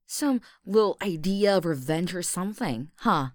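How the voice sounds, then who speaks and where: A woman's voice: fairly low pitch, lively intonation, normal speed, few pauses, no echo, clean studio sound. A young woman in an audio role-play, talking to the listener as an aggressive, mocking, swearing bully.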